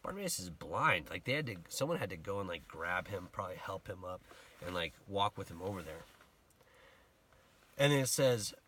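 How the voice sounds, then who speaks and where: A man giving a casual sermon, retelling a Bible story in a conversational, animated way and acting out the people in it. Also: deep voice, moderate pace, a little hiss or hum. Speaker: preacher.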